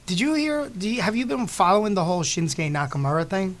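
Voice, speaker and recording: A man's voice: sits high, fast talker. A man hosting a casual podcast chat, laughing often and teasing his co-host.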